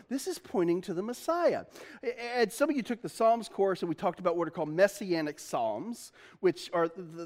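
A man's voice: sits high, a little mellow. A middle-aged man preaching a conversational sermon in a church, chatty and joking, often breaking into laughter. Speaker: pastor.

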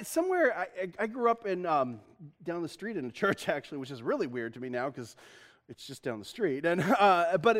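High-voiced middle-aged man, joking pastor. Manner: chatty and joking, laughing often. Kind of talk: conversational sermon. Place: church.

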